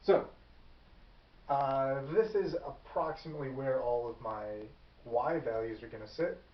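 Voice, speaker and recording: A man's voice: mid-range voice, unhurried. Man, math teacher, casual whiteboard lecture, thinking aloud, distant mic, dull lo-fi sound. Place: classroom. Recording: echoey classroom, far from the mic, dull.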